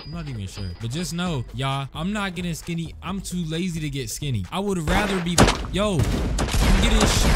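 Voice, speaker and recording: A young man giving casual, slangy commentary while playing a shooting game, animated and quick to trash-talk. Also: medium pitch. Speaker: gaming video creator. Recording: game gunfire noise behind voice. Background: game gunshots and clicks.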